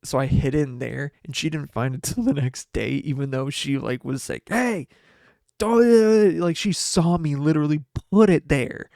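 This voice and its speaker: A man's voice: mid-range voice, normal speed, creaky, hardly any pauses, a little mellow, no echo, clean studio sound. A man hosting a casual solo livestream podcast. He rambles, restarts his sentences, corrects himself often and laughs a lot. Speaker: podcast host.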